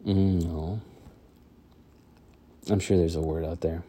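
A man runs a casual solo podcast chat, talking loosely with frequent fillers and false starts. His voice sits low and sounds warm, slow, and fairly even in intonation.

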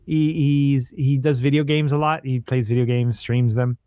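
A man's voice: medium pitch, steady tone, normal speed, warm tone, smooth, dry recording, studio quality. A man co-hosting a casual podcast chat, rambling and searching for words with lots of fillers. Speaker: podcast co-host. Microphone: home microphone on a call.

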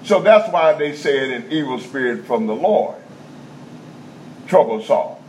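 A man preaching a teaching sermon in a conversational style, checking in with the congregation and repeating key points slowly in vernacular speech. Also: mid-range voice, animated, a little mellow. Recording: dull lo-fi sound with faint background noise.

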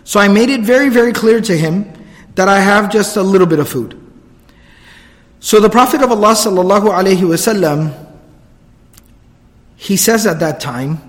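A man's voice: high-pitched, animated, moderate pace, long pauses, in a large hall. A man giving a storytelling religious lecture, earnest and explanatory, repeating phrases for emphasis and reciting Arabic quotes fluently.

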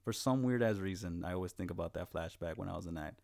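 A young man with a lowish voice, hosting a casual chat in a laid-back way. He tells profane stories and acts out the quotes. He grew up in Los Angeles. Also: fast, vocal fry, darkish tone.

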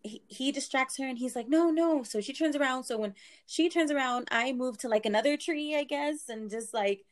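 A woman in her twenties telling a story in casual talk, animated, saying "like" a lot and swearing freely. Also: high voice, brisk.

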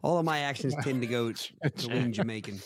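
A man's voice: medium pitch, fairly quick, a little hiss or hum. A man co-hosting a podcast, self-deprecating and laughing often in casual chat. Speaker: podcast co-host.

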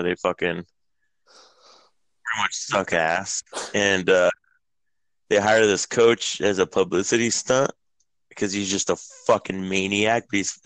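A man chatting casually on a podcast, telling a story with lots of cursing and acting out the lines. His voice sits on the low side. The sound is dry and close to the mic. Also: no echo, rough recording. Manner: profane, animated storytelling, acts out quotes. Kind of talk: casual chat.

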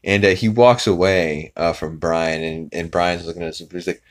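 A podcast host with a very deep, low voice recaps a cartoon episode loosely, laughing along at the jokes. His tone stays steady and a little fast, with plenty of fillers and restarts.

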